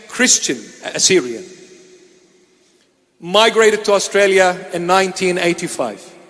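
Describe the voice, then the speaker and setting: A man's voice: high voice, fairly bright tone, in a large hall. A man from Iraq giving an emphatic sermon, repeating phrases for weight. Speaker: bishop preaching. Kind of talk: sermon address. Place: church.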